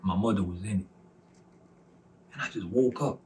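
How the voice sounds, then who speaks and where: A man's voice: fairly low pitch, moderate pace, a little mellow, a little hiss or hum. A man with a Southern US accent giving an earnest, emotional personal testimony, repeating himself as he tells his story. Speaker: testimony speaker.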